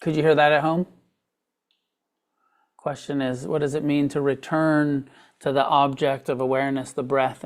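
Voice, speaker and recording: A man teaching meditation to a live group, talking loosely with fillers and restarts, often trailing off quietly. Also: fairly high pitch. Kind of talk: dharma talk to a live group. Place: meditation hall with a live audience.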